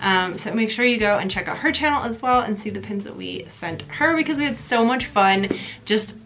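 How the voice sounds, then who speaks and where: A woman vlogging as she opens gifts, gushing and excited, near tears, with a chatty manner full of fillers. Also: mid-range voice, normal speed. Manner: gushing, excited, breathy gasps, many fillers. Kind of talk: casual vlog chat.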